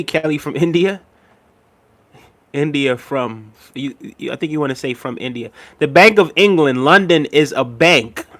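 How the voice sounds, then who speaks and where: Man, livestream host, casual chat, slightly higher-pitched voice, laid-back, chuckles between comments. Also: fairly bright tone. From United States.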